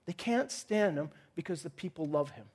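A man preaching a sermon, opening with a lively personal story and acting out his own cries. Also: fairly high pitch, moderate pace. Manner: animated storytelling, acts out his own shouting. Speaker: pastor.

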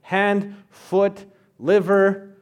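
A man's voice: high-pitched, little pitch movement, drawn-out words. A man in his thirties preaching a sermon as a pastor, in a conversational way with rhetorical asides.

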